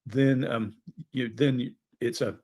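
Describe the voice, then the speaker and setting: A man's voice: medium pitch, steady tone, takes it slowly, dark tone. A man with interrogation experience talking through a case on a true crime panel in a casual, analytical way. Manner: analytical, questioning.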